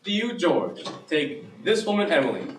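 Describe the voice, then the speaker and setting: A student actor playing a wry narrator who officiates a wedding, in a school stage play heard from far off in an echoey hall. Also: male voice, on the high side, sing-song, a little hiss or hum. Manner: wry, measured.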